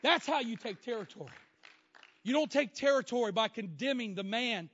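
A preacher with a very high, bright, forceful voice tells his story dramatically, swinging from shouts to near-whispers. The sound is a bit dull and lo-fi, with faint music underneath. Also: expressive, normal speed, a faint crowd. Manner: dramatic, shifting from loud exclamations to hushed, emotional lines. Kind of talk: storytelling sermon.

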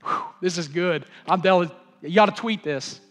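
Man, preacher, sermon, high-pitched, bright, fervent repeating cadence. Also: moderate pace, long reverb tail. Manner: impassioned, repetitive preaching cadence. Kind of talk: Pentecostal-style sermon.

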